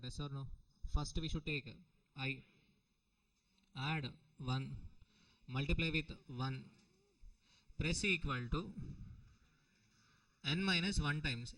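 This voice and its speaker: A man's voice: on the high side, pushed and bright, poor audio. A middle-aged man with an Indian English accent, teaching a recorded exam-prep lecture, repeating points and often checking with the students. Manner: repetitive, questioning the students often.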